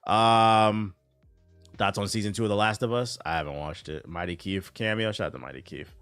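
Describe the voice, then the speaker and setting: A man's voice: fairly low pitch, normal speed, a bit bright, clean tone, dry recording, soft background music. A man streaming live, reacting to gaming news and casually chatting with viewers in a laid-back, profane way.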